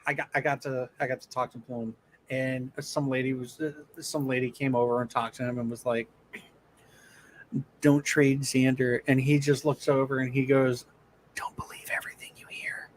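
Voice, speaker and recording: A man's voice: medium pitch, fairly quick, a little hiss or hum. A man co-hosting a casual podcast, telling rambling, profane stories. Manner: rambling, profane, animated storyteller. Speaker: podcast co-host. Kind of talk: casual chat, anecdote telling.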